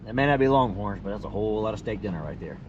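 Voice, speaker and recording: A man's voice: on the low side, animated, very fast, darkish tone, lo-fi sound. A man, chatting casually and folksily as he narrates an off-road drive from inside his Jeep. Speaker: off-road vlogger. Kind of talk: casual narration while driving. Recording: engine and road noise behind.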